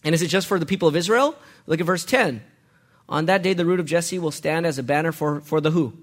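A man's voice: a little high, fast talker. A man preaching a sermon, asking the congregation questions as he goes and letting them call out the answers. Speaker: pastor.

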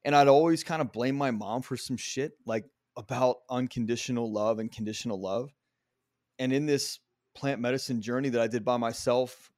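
A man's voice: medium pitch, a little mellow, no room sound. Man, middle-aged, podcast host, candid and profane, dry sound. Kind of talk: casual conversation.

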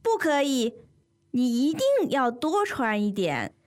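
A woman voicing a firm parent, scripted lesson dialogue, fairly high voice, lively pitch. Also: measured pace. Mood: insistent. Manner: firm and insistent. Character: insistent parent telling a child to dress warmly.

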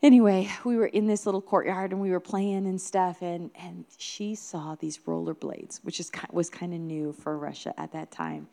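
A woman's voice: on the low side, expressive, normal speed, vocal fry, hardly any pauses, mellow. A woman minister preaching a sermon in an earnest, emphatic way, building her points with repeated phrases.

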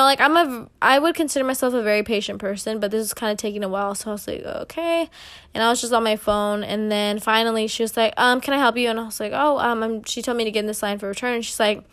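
A woman's voice: fairly high pitch, fairly bright tone, smooth. A young woman hosting a solo podcast, telling a story in a chatty way with lots of fillers and acted-out quotes. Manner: chatty, filler-heavy, acts out quoted exchanges. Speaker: podcast host.

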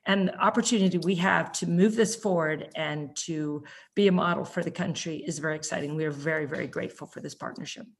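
Heartfelt middle-aged woman, low voice. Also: brisk, slightly rough. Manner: heartfelt, emotional, grateful. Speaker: parent advocate, nonprofit leader. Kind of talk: earnest interview answer.

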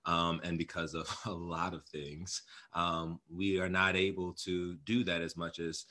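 A low-pitched man with a bright, forward tone. He co-hosts a relaxed chat and talks with animated emphasis, often repeating phrases for fun. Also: measured pace. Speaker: co-host. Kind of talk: casual group chat.

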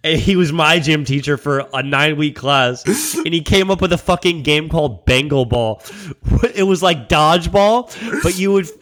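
Guy on a podcast rambling thru old school stories, swears a lot, slightly high voice. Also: moderate pace. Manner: rambling storyteller, swears freely, acts out quotes loudly. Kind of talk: casual chat.

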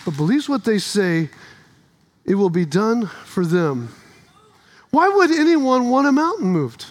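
A man preaching a sermon in a church, telling stories with animation and rising to shouts. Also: high voice, sing-song, measured pace, a little hiss or hum.

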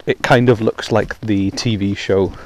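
A man with a lowish voice rambles through a casual podcast monologue, full of ums and self-deprecating asides. He is out walking in the rain, speaking into a hands-free phone headset, with faint outdoor noise behind him. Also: fairly even intonation, a little slow, a little mellow. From Wales. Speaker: podcast host.

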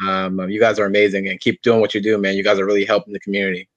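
A man's voice: on the low side, flat delivery, racing, no echo. A man who runs a club, signing off from a podcast over a video call in a polite, grateful way. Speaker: guest running a club. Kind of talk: casual chat. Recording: dull lo-fi call audio.

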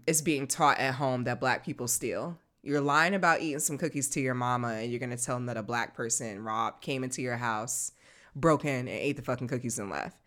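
A woman's voice: rumbling low, fairly bright tone. A woman in her thirties co-hosting a casual chat, talking bluntly and profanely with lots of animation. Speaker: podcast co-host.

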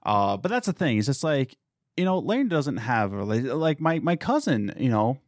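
A man's voice: big pitch swings, normal speed, dry recording, studio quality. A young adult man co-hosting a podcast, rambling and emphatic in casual talk. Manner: rambling, emphatic, jumps in pitch. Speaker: podcast co-host. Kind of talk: casual conversation.

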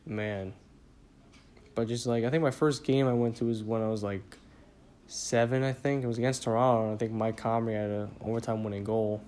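Tired young man rambling flatly. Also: mid-range voice, brisk, a little hiss or hum. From New York area. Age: young adult. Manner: rambling, profane, many fillers. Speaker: podcast host. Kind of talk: casual solo podcast monologue.

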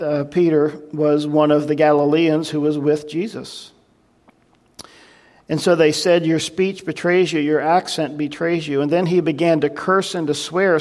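A man's voice: fairly high pitch, a little mellow. A man preaching a verse-by-verse sermon in a conversational, reflective way, with frequent asides to the congregation. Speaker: pastor. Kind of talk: sermon, verse-by-verse Bible teaching.

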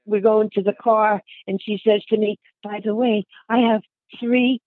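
A woman's voice: medium pitch, steady tone, measured pace, no echo, phone-quality sound. An older woman reminiscing in an interview, chatty and calling the listener hon and honey. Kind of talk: reminiscing conversation.

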